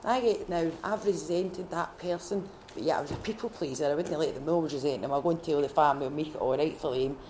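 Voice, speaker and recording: A Scottish woman at a faith retreat, sharing her personal testimony in a heartfelt, halting way with many restarts. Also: low voice, darkish tone, a little hiss or hum. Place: retreat gathering room.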